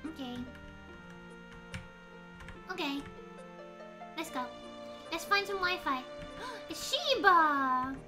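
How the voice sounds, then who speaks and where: Very high-voiced, goofy woman streamer. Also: takes it slowly, pauses often. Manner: goofy, dramatic, swears with abbreviations. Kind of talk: playing a game on a live stream. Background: game music.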